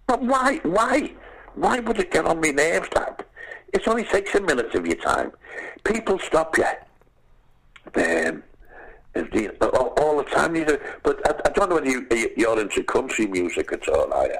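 A gravelly, fairly high-pitched man from Liverpool, England, an actor appearing as a guest, tells stories in a casual chat at a moderate pace. He's an animated storyteller who acts out voices and says "lad," though the audio quality is poor.

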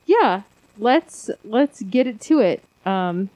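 A woman's voice: mid-range voice, expressive, slow, mellow, no echo, poor audio. A woman co-hosting a casual conspiracy podcast, rambling and self-deprecating, often laughing. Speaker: podcast co-host.

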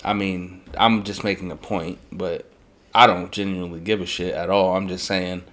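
A man's voice: sits low, level tone, normal speed, fairly bright tone. A young man co-hosting a podcast, talking bluntly and arguing in casual chat. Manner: blunt, profane, argumentative. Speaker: podcast co-host.

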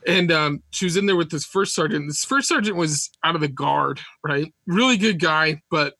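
A man telling war stories as a podcast guest, animated, laughing often and acting out quotes. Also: fairly high pitch, normal speed, slightly rough, no room sound. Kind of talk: casual storytelling.

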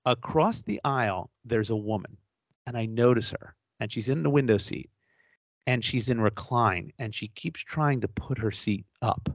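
A man co-hosting a podcast, telling a story in an animated, exasperated rant with some swearing. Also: mid-range voice, moderate pace, creaky, no room sound, dull audio. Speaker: podcast co-host. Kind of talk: casual storytelling chat.

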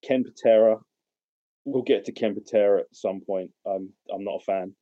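Low, mellow-voiced male podcaster. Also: moderate pace, muffled recording. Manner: relaxed, hesitant, with fillers. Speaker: podcast co-host. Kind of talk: casual chat.

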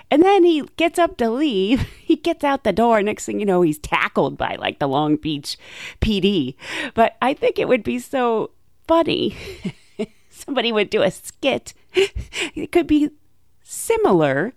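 A young woman flight attendant telling stories in a chatty way, laughing often and acting out quotes in a higher voice. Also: very animated, unhurried, gravelly, a little mellow, dry recording, clean studio sound. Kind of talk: casual storytelling monologue.

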